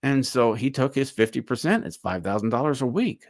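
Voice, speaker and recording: A man's voice: medium pitch, animated, brisk, no room sound, clean studio sound. A man hosting a livestream, giving opinionated commentary in a loose, musing way. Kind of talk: casual commentary.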